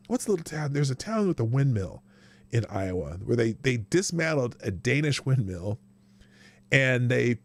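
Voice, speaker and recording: A middle-aged man from Nebraska hosts a live news show in a chatty, wandering way, talking to himself as he works the screen. His voice swings widely in pitch and carries a gravelly texture. The sound is dry and close. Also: no echo. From Nebraska, US Midwest. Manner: rambling, chatty, talks to himself while working the screen. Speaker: show host. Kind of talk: casual live news commentary.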